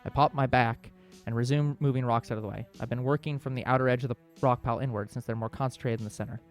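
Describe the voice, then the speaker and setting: A man's voice: mid-range voice, faint music behind. A man hosting a let's play, reading a visual novel's narration aloud with small slips. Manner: quick, steady storybook reading with small slips.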